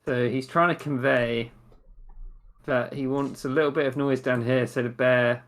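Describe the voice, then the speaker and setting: A man's voice: medium pitch, fairly even intonation, normal speed, a bit bright. A man playing a tabletop role-playing game, casually explaining what his character does, in an offhand way. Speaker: player.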